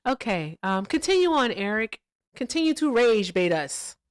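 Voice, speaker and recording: A woman co-hosting a casual political livestream, teasing and animated as she talks straight to her co-host. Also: on the high side, moderate pace, clear, resonant tone, no room sound.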